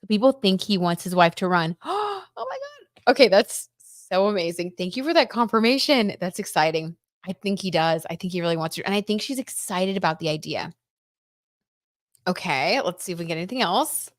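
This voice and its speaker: A young woman hosting a casual live-stream tarot reading, chatty and excitable, reading out viewer comments and reacting with frequent exclamations. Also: fairly low pitch, brisk, no room sound, studio quality. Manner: chatty and excitable, lots of "oh my god" and "like".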